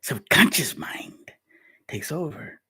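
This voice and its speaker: A man's voice: on the high side, sing-song, slow pace, pushed and bright, breathy edge, in a whisper. A man giving an informal scripture teaching in a streetwise, conversational preaching manner. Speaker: religious teacher.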